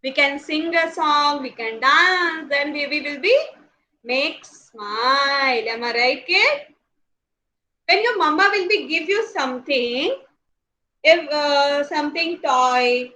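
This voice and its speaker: Bright, high, slow-talking Indian English teacher woman. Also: rough recording. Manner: coaxing and playful, asks lots of questions, laughs often. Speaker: nursery teacher. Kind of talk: online class for small children.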